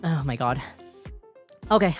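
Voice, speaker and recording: A woman's voice: low voice, lively intonation, unhurried, faint music behind. A woman streamer chatting live with her viewers, giggly and flustered, often repeating herself in a cutesy, playful way. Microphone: desk microphone.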